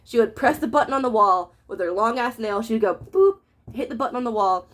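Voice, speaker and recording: A woman's voice: a little high, expressive, fairly quick. A woman telling a childhood story at home in a rambling, profane, casual way, laughing as she goes. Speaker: storytime vlogger. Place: home room with a cat nearby.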